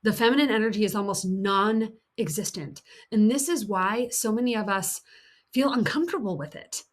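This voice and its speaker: A woman coach giving an earnest teaching talk. She repeats key points for emphasis, voices the harsh inner critic, and slips into a soft, soothing tone. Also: medium pitch, moderate pace. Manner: soft, soothing tone for self-kindness.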